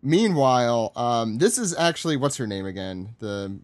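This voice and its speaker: Chatty podcast host, dry close sound. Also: male voice, mid-range voice, sing-song, moderate pace, no room sound. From Long Island, United States. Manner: chatty and rambling, with frequent fillers and self-corrections. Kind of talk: casual chat recapping a comic chapter.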